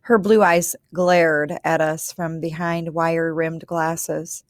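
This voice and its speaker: A woman reads a children's picture book aloud in a calm, measured voice, speaking as the young girl who tells the story. Her voice sits on the low side and the recording is dry and close. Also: no echo. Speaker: reader. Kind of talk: storybook narration.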